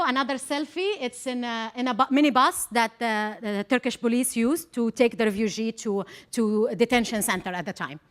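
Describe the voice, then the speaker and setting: A woman giving a forum talk, telling a personal story in an animated way and acting out remembered dialogue, with non-native English phrasing. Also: high-pitched. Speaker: forum speaker.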